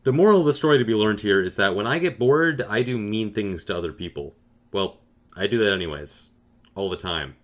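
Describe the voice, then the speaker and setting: A man narrating a comedic story in a deadpan, sarcastic, boastful way. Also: lowish voice, brisk. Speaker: gaming storyteller.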